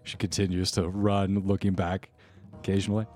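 A man runs a tabletop game, narrating scenes in a steady, descriptive way. His voice sits on the low side, and faint music plays underneath. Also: moderate pace. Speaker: game master.

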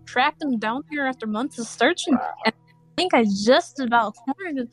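A woman voicing a zealous male priest who hunts evil, in an attempted Scottish accent, speaking solemnly and haltingly. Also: high-pitched, animated, no echo, soft background music, poor audio. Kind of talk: tabletop role-play.

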